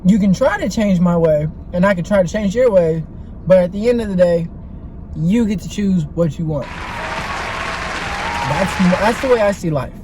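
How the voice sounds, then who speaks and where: A man's voice: high voice, expressive, moderate pace, pauses often, crowd noise, noisy background. A man vlogging in a rambling, profane way while eating in a car parked in an empty lot. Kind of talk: casual rambling monologue.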